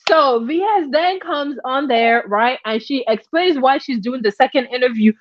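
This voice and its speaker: A woman's voice: sits high, moderate pace, no echo, lo-fi sound. A woman giving casual, chatty gossip commentary, dropping in asides as she tells the story. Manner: chatty, animated, drops in asides like "right?". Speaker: commentary YouTuber.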